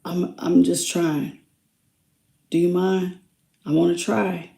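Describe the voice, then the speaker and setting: A woman speaking as a remorseful person in a tarot reading, talking softly and apologetically as she asks for peace. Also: fairly low pitch, little pitch movement, slow pace, gravelly, echoey room, voice pushed down. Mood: pleading softly. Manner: soft, quiet, apologetic.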